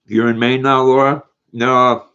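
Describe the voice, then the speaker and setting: An older livestream host speaks in a mid-range voice that is level, sharp, and clean, at a measured pace. He eats while casually reading viewers' comments aloud in a folksy manner. The stream audio itself is dull and lo-fi.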